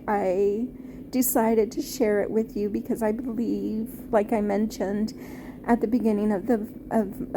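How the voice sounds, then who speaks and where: A woman and former teacher reviewing a film off the cuff, halting and heartfelt, with many fillers and restarts. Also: on the high side, noisy background. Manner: tender, heartfelt.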